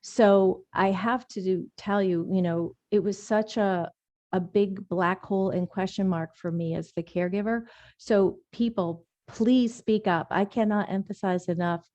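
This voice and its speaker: A woman's voice: medium pitch, fairly even intonation, a little slow, a little mellow, dry recording, highs cut off. A woman caregiver speaking earnestly and emphatically in a webinar conversation.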